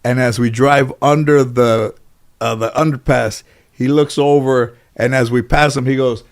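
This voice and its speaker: A man appears as an interview guest, telling long, winding anecdotes in a loose, casual style packed with restarts and "you know" fillers, acting out other people's lines along the way. His voice is medium in pitch and fairly even in intonation, and he speaks unhurriedly.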